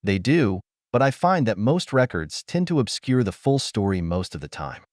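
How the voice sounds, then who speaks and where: A man voicing a calm, wry young male leader who asks pointed questions. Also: lowish voice, moderate pace, no echo, clean studio sound.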